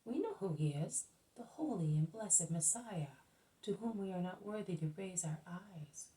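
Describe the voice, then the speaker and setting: A woman voicing proud male Pharisees who accuse and then flatter. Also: low-pitched, normal speed, vocal fry, distant mic, rough recording. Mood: fawning.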